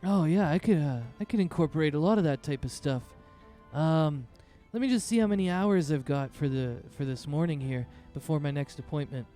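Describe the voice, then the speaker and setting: A man's voice: on the high side, lively intonation, a little fast, mellow, soft background music, lightly acted. A man voicing a friendly female orc tattoo artist who talks in an easygoing, businesslike way. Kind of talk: tabletop role-play voicing.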